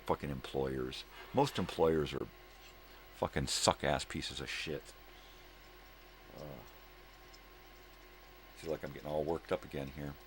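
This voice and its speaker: A man's voice: very deep voice, a little slow, pauses often, a little hiss or hum. A man hosting his own daily video show, ranting in a profane, angry monologue. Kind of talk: casual monologue.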